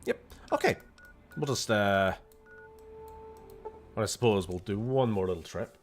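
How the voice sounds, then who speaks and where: A Scottish gaming streamer gives casual commentary while playing, muttering to himself and swearing often. His voice is fairly low and his pace measured, with faint music in the background.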